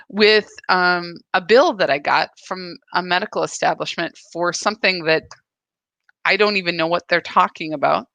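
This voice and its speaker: A woman's voice: medium pitch, sharp tone, dry recording. A woman hosting a daily spiritual practice, speaking earnestly and emphatically, often restarting her sentences as she reflects.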